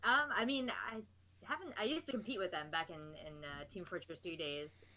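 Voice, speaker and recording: A woman's voice: on the low side, moderate pace, pushed and bright. A woman in her thirties from New Jersey, chatting easily as an interview guest and laughing often. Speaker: guest, esports host. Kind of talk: casual interview chat.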